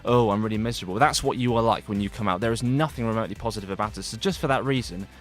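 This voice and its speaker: A young man reviews a film on the radio in quick, rambling speech. His voice sits slightly low and is full of fillers and false starts. Faint music plays under the studio talk. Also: fairly bright tone. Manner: rambling, heavy with fillers and restarts.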